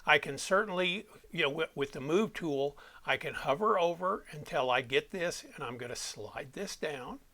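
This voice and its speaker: A man's voice: a little high, expressive, moderate pace, few pauses, pushed and bright. A man explaining audio editing step by step, as an instructor walking students through a tutorial. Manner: plain step-by-step explaining, self-correcting.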